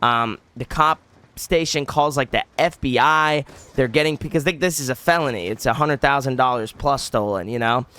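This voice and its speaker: A young man tells a story straight to his audience, his voice bright and crisp. He rambles and restarts, packing in "like" as he talks in a loose, animated way. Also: mid-range voice, normal speed. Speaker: vlogger. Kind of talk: casual storytelling.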